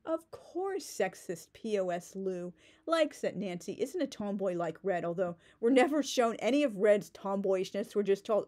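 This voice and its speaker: A woman's voice: mid-range voice, expressive, normal speed, a little mellow. A woman ranting in a book-critique vlog, sarcastic and indignant, with many "like" fillers and restarts.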